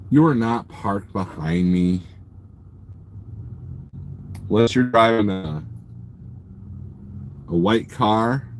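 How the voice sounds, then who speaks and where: Trucker host for a live chat stream, male, lowish voice, rambling and jokey, faint vehicle hum behind. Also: animated, slow pace, long pauses. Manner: rambling, joking, teasing viewers. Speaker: trucker livestreamer. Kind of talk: casual live-stream chat, reading viewer comments. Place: inside his parked truck at a truck stop.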